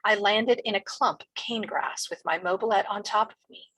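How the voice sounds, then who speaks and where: A woman teacher reading a novel chapter aloud in a steady storytelling manner. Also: medium pitch, normal speed, breathy edge, rough recording.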